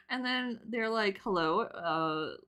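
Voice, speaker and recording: Here a young woman in her twenties sketches on stream while chatting casually. She rambles, leans heavily on fillers, and often bursts into loud laughter, all in a mid-range voice.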